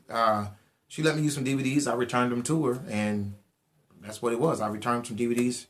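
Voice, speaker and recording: A young man, giving a casual and animated personal testimony and acting out the dialogue. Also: medium pitch, brisk. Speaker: testimony speaker.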